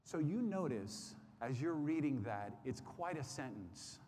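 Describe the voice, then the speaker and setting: This Bible study teacher has a mellow, medium-pitched voice with a sing-song, unhurried delivery. Earnest and repetitive, he keeps restarting sentences with fillers, and the roomy hall carries faint background noise.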